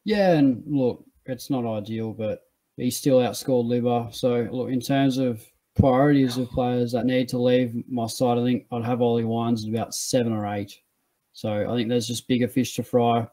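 A man's voice: mid-range voice, steady tone, moderate pace, dark tone. A man in a casual podcast chat, speaking with dry, understated wit.

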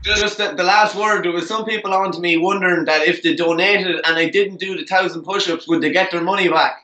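A man's voice: sits high, fairly even intonation, fairly quick, bright, forceful tone. A young Irish man, a co-host, chatting in an upbeat, thankful, easygoing way. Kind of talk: casual chat. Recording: roomy echo.

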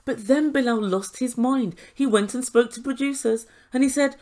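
A woman's voice: high voice, moderate pace, hardly any pauses, a little mellow. A woman giving an indignant, sarcastic recap and review of a reality TV show, swearing now and then.

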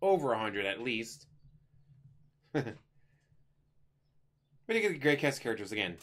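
A man's voice: mid-range voice, very animated, unhurried, a bit bright. A man giving a casual spoken movie review, chatty and rambling, with offhand jokes as he retells the plot.

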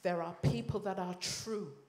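A woman minister from Leeds with a Yorkshire accent, giving an impassioned sermon testimony that swings between loud and hushed. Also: mid-range voice, measured pace, a little hiss or hum. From Leeds, England. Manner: impassioned, rises and drops sharply in volume. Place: church or conference hall. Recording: echoey hall.

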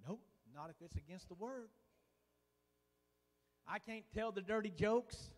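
A man preaching a sermon in a folksy, fervent way, dotting his lines with "uh" and dropping suddenly to a hush. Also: sits high, a little slow. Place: church sanctuary. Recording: long reverb of a church hall.

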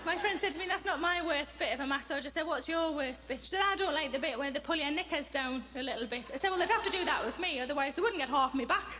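A woman in her forties doing stand-up comedy on a theatre stage, telling a story in a deadpan way with repeated comic questions. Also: sits high, quick pace, few pauses. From England. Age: 40s. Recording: comedy stage with loud audience noise.

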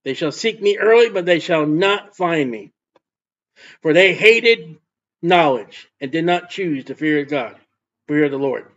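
A man's voice: fairly high pitch, expressive, measured pace, a bit bright, muffled recording. A man preaching a fervent sermon as a street preacher. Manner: fervent, mocking laughter when imitating scoffers.

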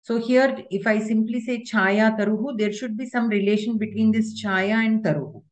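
A woman's voice: a little high, moderate pace. A woman teaching Sanskrit grammar in an online class, explaining patiently step by step with examples.

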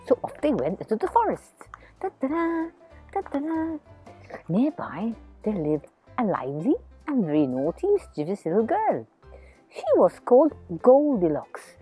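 Brief: lively kids' storyteller, woman, breathy, faint music behind. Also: mid-range voice, normal speed. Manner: animated and playful, chatting to a teddy. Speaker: children's storyteller. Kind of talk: read-aloud storytelling for kids. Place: outdoors in a garden.

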